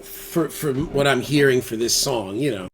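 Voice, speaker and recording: A man's voice: mid-range voice, moderate pace, background noise. A man casually talking through a guitar tone demo, thinking aloud and trailing off as he adjusts settings. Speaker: guitarist demonstrating gear. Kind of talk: casual studio demo talk. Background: loud electric guitar playback.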